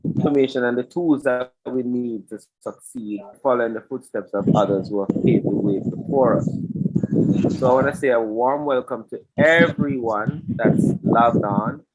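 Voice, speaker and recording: A man's voice: medium pitch, moderate pace, slight background noise, poor audio. A man hosting a live online webinar, chatty and improvising through technical trouble, his audio breaking up over a computer mic. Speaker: webinar host. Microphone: computer mic on a video call. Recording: broken-up online call audio.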